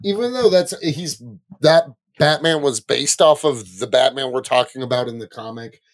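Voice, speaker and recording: A man guesting on a casual podcast, loud and boisterous in his talk. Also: medium pitch, moderate pace, dry recording, clean studio sound. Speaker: guest, comedian. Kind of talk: casual chat.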